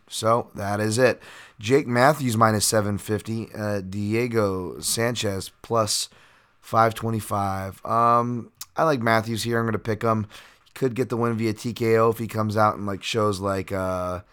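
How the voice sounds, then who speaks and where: Lowish-voiced man rambling through picks. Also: fairly bright tone, clear, resonant tone. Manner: rambling, filler-heavy, occasional profanity. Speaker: podcast host and fight analyst. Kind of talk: casual betting breakdown monologue.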